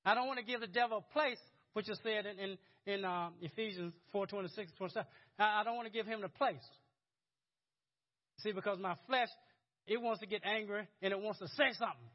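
A man's voice: high-pitched, a little fast, dull audio. A man preaching a sermon in a conversational, chuckling way, often repeating words as he goes. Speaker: pastor.

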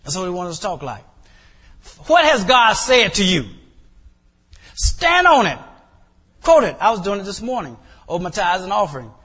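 High-voiced preacher man in a reverberant hall. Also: very animated, brisk, fairly bright tone, husky. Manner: preaching with rising emphatic bursts and repeated phrases. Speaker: pastor. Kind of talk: sermon.

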